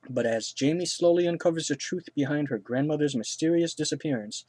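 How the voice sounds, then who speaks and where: A man's voice: mid-range voice, darkish tone, no echo. Rambling casual man reviewing films. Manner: rambling, many fillers and restarts, frank and crude. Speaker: film reviewer. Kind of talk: casual spoken film review.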